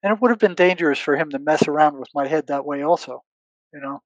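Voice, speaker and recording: An older man speaks as an interview guest, his voice sitting a bit high for a man. He tells stories earnestly, repeating words as he searches for them and acting out old conversations. The sound is close and dry. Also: fast talker, no echo, lo-fi sound. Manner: relives past conversations, quoting himself and others. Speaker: guest, retired psychotherapist. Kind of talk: conversational storytelling.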